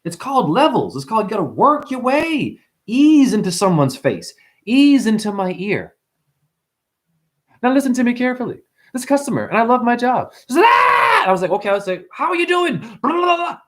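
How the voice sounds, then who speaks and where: Animated, profane man ranting on a livestream. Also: a little fast. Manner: profane, animated, mimics customers in high voices. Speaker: livestream host. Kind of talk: rambling livestream rant.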